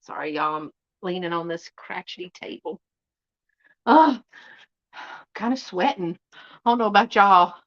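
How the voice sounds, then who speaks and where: A middle-aged woman from Louisiana with a Southern accent, chatting folksily as she hosts a live unboxing and often drops to a hushed voice. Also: on the low side, animated, unhurried, long pauses, muffled recording. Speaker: channel host. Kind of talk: casual live unboxing chat. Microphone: live stream setup.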